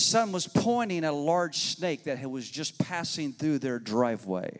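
A man's voice: on the high side, measured pace, few pauses. A male pastor delivering a sermon, telling a neighborhood story in a folksy, conversational way and speaking directly to his congregation. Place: church sanctuary. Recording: long reverb of a church hall.

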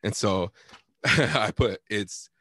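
A man's voice: on the low side, drawn-out words, bright, forceful tone, no echo. A young man telling a prank story in casual chat, laid-back and slangy, laughing often and acting out both sides.

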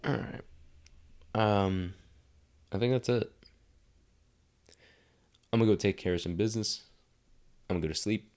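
A man's voice: on the low side, unhurried, long pauses, a little mellow. A young man casually telling a story as a podcast host, rambling and swearing often. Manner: rambling, profane, filler-heavy.

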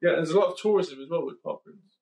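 Gravelly man hosting in an echoey room. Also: on the high side, fast, a little mellow. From United Kingdom. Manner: chatty, rambling, with frequent ums and self-corrections. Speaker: podcast host. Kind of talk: casual conversational podcast chat.

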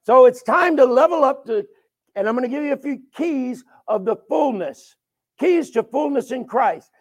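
A man preaching a sermon with call and response. He swings from sudden shouts down to hushed asides. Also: very high voice, lively intonation, moderate pace.

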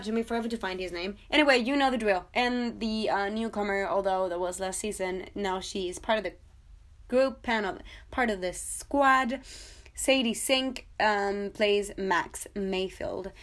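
A young woman hosting a solo podcast, chatting excitedly and casually with frequent fillers. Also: mid-range voice. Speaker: podcast host.

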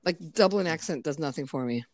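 A woman's voice: deep voice, no room sound. An American woman who works as a massage therapist, chatting casually and profanely, often acting out quotes in other voices. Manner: animated, profane, quick to act out quotes. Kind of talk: casual podcast chat.

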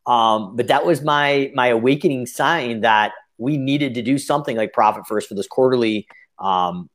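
A man's voice: mid-range voice, moderate pace. Rambling male business owner. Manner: long-winded, rambling with fillers and restarts. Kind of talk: conversational interview answer.

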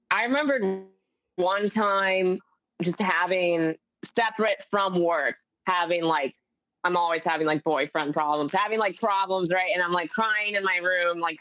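A young woman in casual podcast chat, rambling along and peppering every thought with "like" as she acts out quotes. Her voice sits on the lower side for a woman. The sound is dry and close, with no room in it. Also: a bit bright, no echo, poor audio. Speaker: guest comedian. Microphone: video call.

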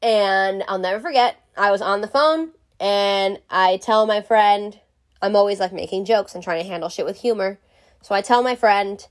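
A woman's voice: medium pitch, normal speed. A woman vlogger telling a story to camera in a casual way. She is frank, jokey and swears freely.

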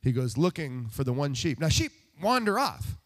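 A man's voice: mid-range voice, big pitch swings, moderate pace. A man preaching a sermon in a conversational, self-deprecating way, putting rhetorical questions to the congregation. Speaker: pastor.

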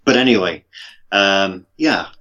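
A low-voiced man co-hosts a casual film podcast, giving blunt opinions with a dry, wry humor. His voice comes through a dull, lo-fi microphone. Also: animated, slow, pushed and bright. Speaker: podcast co-host. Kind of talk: casual film review chat. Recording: dull, lo-fi mic.

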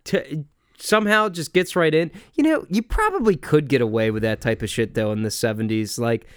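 A man's voice: mid-range voice, animated, moderate pace, clean tone, no echo, clean studio sound. A man hosting a podcast, casually chatting about a film, swearing, laughing and acting out scenes. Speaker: podcast host.

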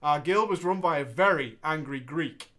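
Speaking at normal speed, a man with a somewhat high voice co-hosts a casual podcast. He reads a gaming story aloud, bantering playfully, laughing often, and staying expressive throughout.

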